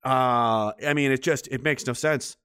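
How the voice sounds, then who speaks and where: A man's voice: medium pitch, measured pace, sharp tone, smooth, dry recording, studio quality. A man ranting sarcastically and swearing freely, reading and answering his chat in a livestream.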